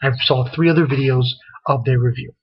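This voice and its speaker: A man giving a casual, halting spoken review of a comic chapter, often restarting his sentences. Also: medium pitch, steady tone, dull audio, background noise. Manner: rambling, halting commentary with restarts. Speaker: manga reviewer.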